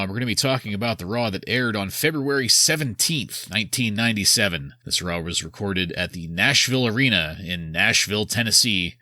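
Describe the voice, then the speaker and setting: A man's voice: sits low, pushed and bright, no echo, studio quality. A man hosting a wrestling podcast, recapping an old episode in a wry, sarcastic casual style. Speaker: podcast host.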